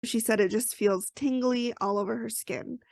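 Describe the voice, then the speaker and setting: Gravelly, chatty woman podcast host. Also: on the high side, fairly even intonation, moderate pace, a little mellow, dry recording. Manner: chatty storytelling with asides. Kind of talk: casual podcast recap.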